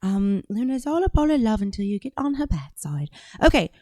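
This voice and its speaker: A woman's voice: mid-range voice, sing-song, fairly quick, a little mellow, no room sound, clean studio sound. A woman hosting a reaction video, talking casually in a blunt, rambling, profane way.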